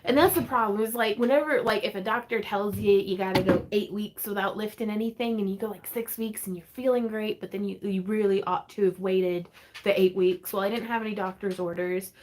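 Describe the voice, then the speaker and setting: A woman hosting a relaxed craft livestream from home, rambling in a chatty way and laughing often. She reads viewers' comments aloud and answers each one in an easygoing tone. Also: mid-range voice, fairly quick. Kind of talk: casual livestream chat.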